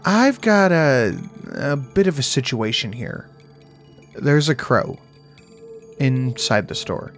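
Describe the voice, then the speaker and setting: A man's voice: medium pitch, lively intonation, slow, faint music behind. A man narrating a first-person horror story in a dry, wry storytelling manner.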